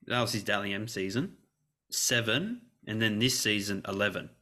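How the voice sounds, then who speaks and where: A man's voice: fairly low pitch, normal speed, sharp tone. A man who is a guest on a sports podcast, chatting casually, reading out contract figures, and laughing easily.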